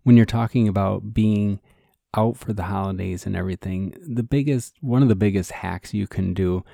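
Deep gravelly man, chatty podcast host. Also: moderate pace, mellow, no room sound, clean studio sound. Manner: chatty, earnest, addresses listeners directly. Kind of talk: casual podcast chat.

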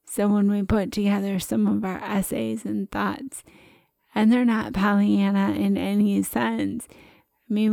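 A woman co-hosting a casual talk show, speaking in a chatty, expressive way and laughing often. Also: mid-range voice, gravelly, dry recording, clean studio sound. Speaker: podcast co-host. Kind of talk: casual conversation.

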